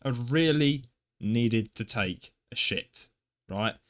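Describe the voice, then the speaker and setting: A man's voice: medium pitch, slow pace. A young man telling an embarrassing story on a podcast, self-deprecating and acting out his own reactions. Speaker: podcast co-host. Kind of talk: casual storytelling.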